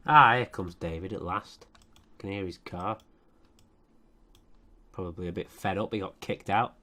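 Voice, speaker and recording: A man's voice: on the low side, expressive, a little slow, gravelly, pauses often, fairly bright tone. Guy doing a snarky sweary game commentary, voice jumps up and down a lot. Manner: sarcastic, profane, scolding the game characters. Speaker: let's play commentator. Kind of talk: commentating over a life-sim game.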